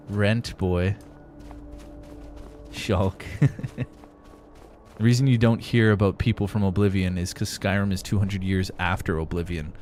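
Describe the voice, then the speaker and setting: Faint music plays behind a young gaming streamer whose low voice stays steady. He talks slowly with long pauses, chatting loosely with viewers, reading their messages, swearing casually and laughing often.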